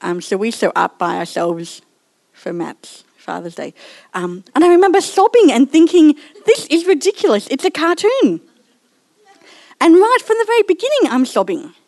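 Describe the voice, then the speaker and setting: A woman's voice: fairly high pitch, sing-song, normal speed, creaky, a little mellow, no echo. A woman giving a sermon in a personal, chatty way and laughing at herself now and then. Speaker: church speaker.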